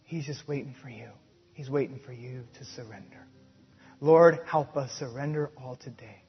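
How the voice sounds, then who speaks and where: A man preaching a sermon and leading a prayer, slow and emphatic, swelling loud and then dropping soft. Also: medium pitch, breathy edge, lo-fi sound. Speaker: pastor.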